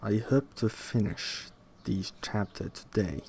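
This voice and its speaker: A young man reading a linguistics textbook aloud in a slow, halting way, pausing to repeat words to himself. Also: on the low side, vocal fry, darkish tone, husky. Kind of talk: casual read-aloud study session.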